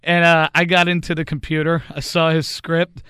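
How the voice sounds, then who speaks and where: A man's voice: on the high side, flat delivery, moderate pace, bright, forceful tone, clean tone, no echo, studio quality. A male host and former radio producer chatting in a casual interview, telling anecdotes and laughing often.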